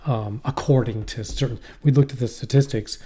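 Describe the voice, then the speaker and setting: A middle-aged man chatting on a podcast, his voice dark and mellow. He rambles, swears freely and keeps breaking off mid-thought to start again. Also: medium pitch, steady tone, normal speed, slightly rough. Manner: rambling, profane, trails off and restarts. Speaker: podcast co-host. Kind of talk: casual chat. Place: poorly heated shack.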